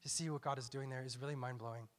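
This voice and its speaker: Speaking very fast in a mid-range, fairly bright voice with fairly even intonation, the young missionary tells his testimony. He quotes his own self-talk and keeps backing up to restart.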